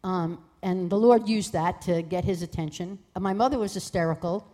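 A woman guest telling a personal testimony in a lively way, acting out the voices of people in her story. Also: lowish voice, moderate pace. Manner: lively, acts out voices in quoted dialogue.

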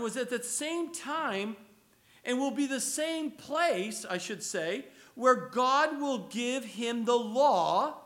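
Guy preaching a sermon, really high voice, chatty, repeats himself a lot. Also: pushed and bright. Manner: conversational preaching, repeats words, chuckles. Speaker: pastor.

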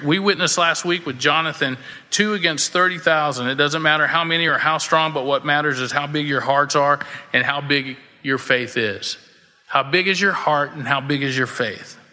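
A man's voice: mid-range voice, bright, forceful tone. A man preaching a casual, storytelling sermon as a pastor, acting out the voices in his stories. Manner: casual, folksy, acts out quoted voices. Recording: long hall reverb.

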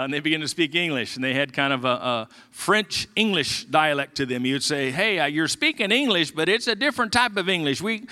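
A man preaching a sermon as pastor, reading scripture and telling stories in a conversational way, sometimes dropping low and quiet. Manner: conversational, drops low and quiet for emotional parts. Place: church sanctuary.

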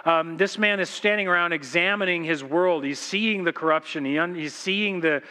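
Bright-voiced pastor preaching in a church. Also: male voice, a little high, moderate pace. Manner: animated storytelling, informal and joking. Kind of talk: sermon. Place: church sanctuary. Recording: long church hall reverb.

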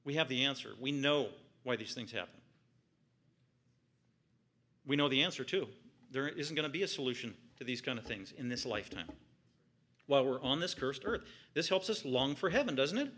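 A male pastor preaching a sermon, emphatic and repeating phrases for stress, swinging between loud peaks and quiet low stretches. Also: expressive, normal speed, pauses often.

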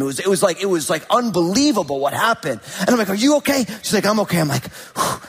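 A man preaching a sermon as a pastor, telling a story in an animated way and acting out the people in it. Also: fairly high pitch, husky. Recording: hall reverb.

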